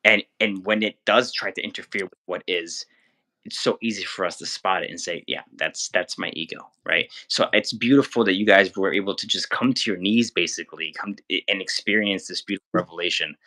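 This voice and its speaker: A man's voice: low-pitched, brisk, pushed and bright. A man co-hosting a podcast who talks reflectively about spiritual growth, often repeating words and asking "right?". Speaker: podcast co-host. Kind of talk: spiritual discussion.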